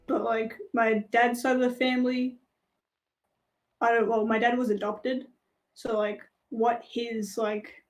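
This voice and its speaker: An Australian woman with a highish voice chats as a stream guest, rambling easily through her thoughts with plenty of fillers. Faint music sits beneath the call. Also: measured pace, low-quality recording. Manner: relaxed, rambling, many fillers. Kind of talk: casual chat on a live stream.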